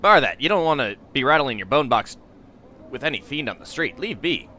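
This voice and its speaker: A man's voice: medium pitch, big pitch swings, brisk, bright, forceful tone, slight background noise. A man voicing a cocky, streetwise male floating skull who barks blunt warnings. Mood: bossy.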